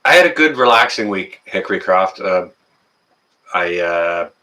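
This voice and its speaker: A Canadian man hosts a casual livestream, greeting chat viewers by name and chatting with plenty of fillers. His voice is low-pitched and sharp in tone, animated though a little slow.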